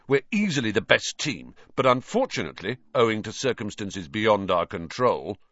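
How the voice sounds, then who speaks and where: A man voicing an intense, bossy teenage team captain who talks briskly and flares up easily. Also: on the low side, big pitch swings, fairly bright tone, no room sound, muffled recording. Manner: brisk, impatient, easily outraged.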